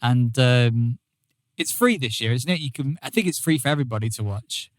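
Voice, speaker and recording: A man's voice: medium pitch, lively intonation, brisk, dry recording. Chatty man on a dry podcast mic. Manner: chatty, restarts and repeats words. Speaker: podcast co-host. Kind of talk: casual gaming podcast chat. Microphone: podcast microphone.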